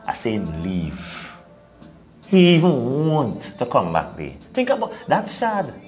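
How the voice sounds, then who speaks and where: A man's voice: medium pitch, slow, soft background music. A man with a Trinidadian accent, co-hosting an opinionated talk show and lecturing his listeners. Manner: animated, preachy, laughs at his own points.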